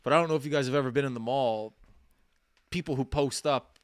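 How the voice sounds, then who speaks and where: On a dry recording, a thirty-something podcast co-host talks fast in a mid-range voice. He's spinning a long, casual story and brings it to life by performing every voice in the conversations he recounts.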